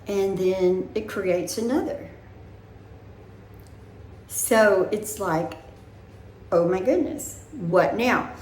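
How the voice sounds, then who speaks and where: An older woman talks casually to her viewers and wanders from one worry to the next. She speaks slowly, and her voice rings in a roomy living room with faint noise underneath. Her pitch sits in an ordinary middle range. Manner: chatty, rambling, talks her worries through. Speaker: vlogger. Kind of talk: casual chat.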